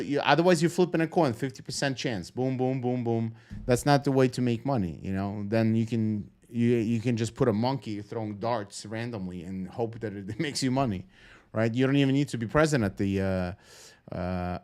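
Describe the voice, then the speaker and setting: Calm, rambling man streaming trading talk. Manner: rambling, frank, swears casually, many fillers and restarts; deliberately calm, low-key delivery. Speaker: trading educator streaming live. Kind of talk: casual live-stream commentary.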